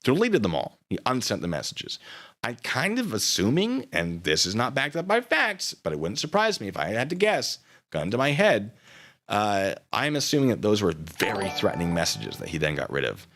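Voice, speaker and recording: Sarcastic man hosting a livestream. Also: normal speed. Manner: mocking, sarcastic; lively, swinging pitch. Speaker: livestream host. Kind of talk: livestream commentary.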